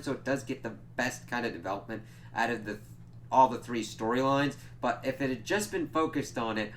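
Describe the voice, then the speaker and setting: Bright-voiced man reviewing a show. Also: mid-range voice, a little hiss or hum. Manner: excitable, profane, full of "like" fillers. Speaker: TV episode reviewer. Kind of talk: casual spoiler review.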